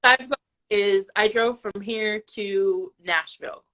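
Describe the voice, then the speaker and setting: A woman's voice: medium pitch, slow pace, fairly bright tone. A woman guest in a casual interview, talking with chatty enthusiasm. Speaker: band member guest.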